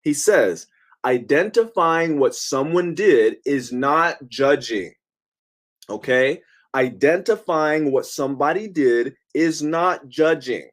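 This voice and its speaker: A man who is a professor giving a lecture in an emphatic, conversational manner, often checking in with his listeners. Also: medium pitch.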